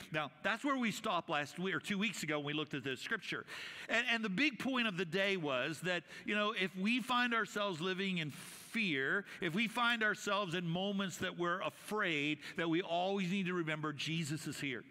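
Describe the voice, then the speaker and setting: A man's voice: high voice, moderate pace, bright, forceful tone. A man preaching a conversational sermon as senior pastor, with frequent fillers and restarts. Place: church sanctuary. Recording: reverberant church hall.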